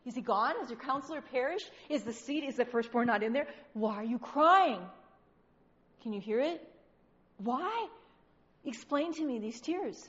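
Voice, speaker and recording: A woman preaching a sermon, firing off rapid rhetorical questions with a teasing edge. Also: fairly high pitch, fairly bright tone. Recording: dull recording with long hall reverb.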